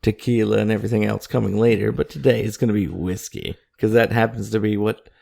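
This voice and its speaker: A man co-hosting a casual podcast, joking and promoting the show in a loose, drawn-out way at a desk microphone. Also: on the low side, steady tone, gravelly, mellow. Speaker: podcast co-host. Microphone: studio microphone at a desk.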